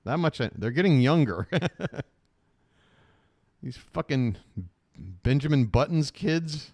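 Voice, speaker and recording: A man's voice: medium pitch, expressive, takes it slowly, pauses often, a little mellow. A man hosting a live stream, riffing sarcastically on a video with jokes and swearing. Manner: sarcastic, jokey, swears, does mocking voices. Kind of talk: casual riffing commentary.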